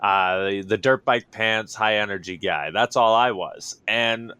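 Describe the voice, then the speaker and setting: A man in a casual interview, telling his story with lively enthusiasm and frequent fillers. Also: lowish voice, unhurried, clean tone, no echo. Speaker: wrestler, interview guest.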